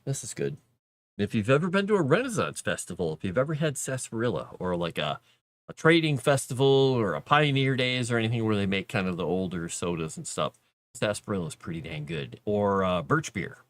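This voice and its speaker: A man's voice: lowish voice, very animated, a little fast, dry recording. A man casually chatting with viewers on a livestream, playful and rambling as he talks. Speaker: streamer and game writer.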